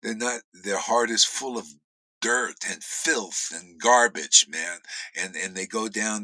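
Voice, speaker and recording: A man teaching on devotion in a blunt, profane, informal rant, swinging between shouts and low muttered asides. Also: slow, no room sound, rough recording. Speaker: spiritual teacher.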